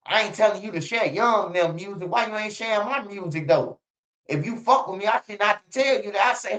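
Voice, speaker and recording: A man's voice: high-pitched, expressive, moderate pace, fairly bright tone. A man hosting a casual livestream, talking loosely and swearing often. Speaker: streamer. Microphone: streaming setup. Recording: slightly dull lo-fi stream audio.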